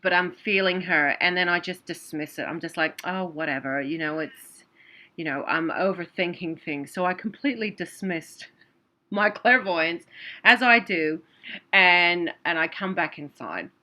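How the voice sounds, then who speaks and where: A woman's voice: lowish voice, unhurried, bright, forceful tone. A woman telling a personal story in a casual, earnest way, often repeating herself. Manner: earnest, repetitive, emotional. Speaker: vlogger and clairvoyant.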